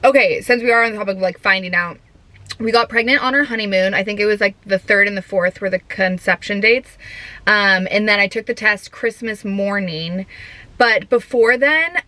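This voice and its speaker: Bright chatty girl vlogging, lots of likes and giggles, dry close mic. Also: mid-range voice, normal speed, no room sound. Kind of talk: casual chat.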